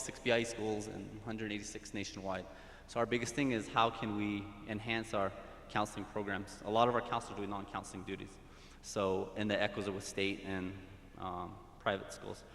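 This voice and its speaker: A man with a lowish voice speaks earnestly from the floor of a community forum, circling back over his words as he makes his point. The sound is roomy and echoey, with a long hall reverb. A faint rumble sits underneath. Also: a bit bright. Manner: earnest, repeats and restarts phrases. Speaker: school counseling official. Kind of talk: audience comment at a community forum. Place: large hall.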